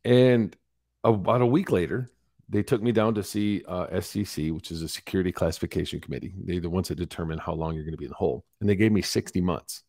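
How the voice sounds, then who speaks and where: A lower-voiced man in his forties speaks candidly as a podcast guest, recounting his story with animated, acted-out quotes. The sound is dry and close with no room around it. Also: fast talker, dry recording. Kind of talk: storytelling interview.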